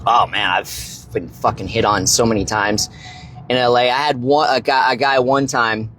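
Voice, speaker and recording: A young man casually telling a story on a livestream, rambling and swearing, tagging "right?" onto his lines, his voice leaping high when excited. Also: normal speed, a little hiss or hum. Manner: rambling, profane, constant "right?" tags. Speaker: fitness and finance creator.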